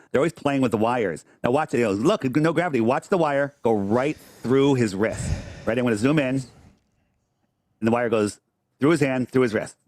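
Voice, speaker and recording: A man's voice: mid-range voice, no room sound. A man on a livestream debating a caller, insistent and repeating himself. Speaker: streamer arguing with a caller.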